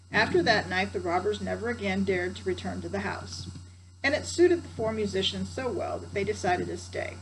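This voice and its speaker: A woman's voice: medium pitch, normal speed, slight background noise, low-quality recording. An older woman, a grandmother, reading a children's story aloud with chatty asides to her grandsons. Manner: warm chatty asides to the listener.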